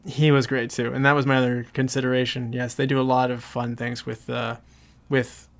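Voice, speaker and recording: A man's voice: mid-range voice, little pitch movement, normal speed. A man hosting a casual movie podcast roundtable, talking in a rambling way with many fillers and restarts. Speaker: podcast host.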